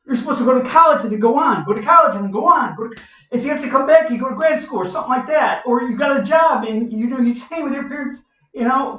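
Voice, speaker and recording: A man's voice: very high-pitched, bright, forceful tone. Distant roomy man telling his story. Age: 40s. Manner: repetitive, emotional, repeats phrases. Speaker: vlogger. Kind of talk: personal storytelling. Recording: roomy, distant, muffled recording.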